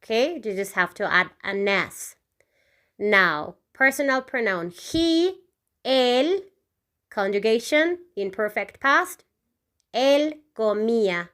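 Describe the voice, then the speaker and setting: A woman's voice: on the high side, expressive, pushed and bright. A woman teaching a Spanish lesson, saying each Spanish form twice and checking in with "okay?" as she goes. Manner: repeats each word twice, frequent "okay?" check-ins; pronounces Spanish words slowly and clearly. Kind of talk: slow, repetitive language lesson.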